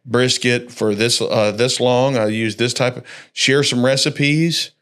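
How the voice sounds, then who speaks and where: A man's voice: mid-range voice, steady tone, a little slow, a bit bright. A male pastor chatting casually on a church podcast, folksy and joking. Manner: laid-back, folksy, jokey storytelling.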